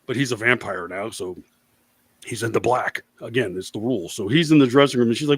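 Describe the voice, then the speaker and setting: A man co-hosting a casual podcast chat, swearing freely and acting out quotes in a loud, higher voice. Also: fairly quick, slightly rough, no echo. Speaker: podcast co-host.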